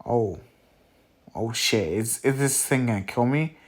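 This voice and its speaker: A man loosely voicing a calm, quietly cocky young male hero while retelling a story. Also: medium pitch, measured pace, natural voice. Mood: plain. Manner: loose, filler-filled quoting.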